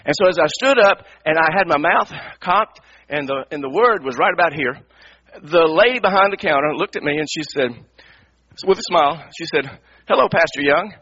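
Middle-aged male pastor, high bright husky voice, animated sermon storytelling, lo-fi radio sound. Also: moderate pace. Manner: animated, repeats words, acts out his own anger. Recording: dull lo-fi radio broadcast.

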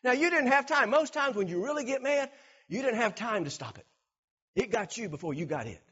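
A man preaching a sermon, animated, acting out everyday scenes and repeating words for emphasis. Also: sits high, husky, dull audio. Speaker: pastor.

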